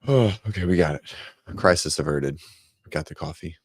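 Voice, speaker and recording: A man's voice: low-pitched, brisk, husky, no echo, clean studio sound. A man hosting a casual morning fitness livestream from home, chatting loosely, greeting viewers by name and rambling as he goes. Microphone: desk microphone.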